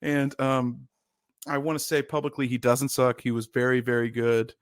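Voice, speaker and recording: A man in his thirties spins animated football stories on a sports podcast, acting out quoted lines loudly and laughing between them. His voice sits at a mid pitch and sounds close and dry, with no room around it. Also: normal speed, no echo. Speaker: podcast co-host, former lineman. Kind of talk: casual storytelling chat.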